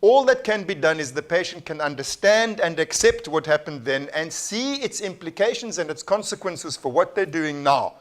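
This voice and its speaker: A man with a South African accent leads a live workshop, explaining ideas earnestly and patiently. His voice sits fairly high for a man, and he often restarts sentences as he thinks aloud. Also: animated, moderate pace, hardly any pauses. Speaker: workshop lecturer. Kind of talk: live workshop lecture with discussion.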